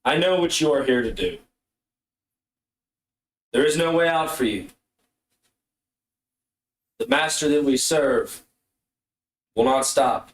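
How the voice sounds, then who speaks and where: A solemn Goliath cultist envoy, as a man puts him on, delivering formal, ominous speeches at a steady middle pitch. The sound carries a roomy echo. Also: takes it slowly, long pauses, close to an everyday voice. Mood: menacing.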